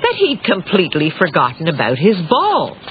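A woman narrating a children's cartoon in a gentle, clear storytelling manner. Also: fairly low pitch, wildly swooping pitch, normal speed. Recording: tinny lo-fi audio with loud music.

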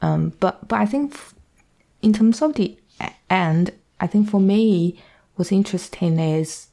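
Woman talking slow and thoughtful about a story, low mellow voice. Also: gravelly. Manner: reflective, weighing her words.

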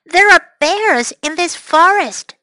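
A woman's voice: very high-pitched, lively intonation, takes it slowly, bright, forceful tone, no room sound, pitched above the performer's own voice, exaggerated voice. A woman reading a children's story, voicing a timid young boy in a raised, emphatic tone. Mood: worried. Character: young boy Sam, timid then hurt.

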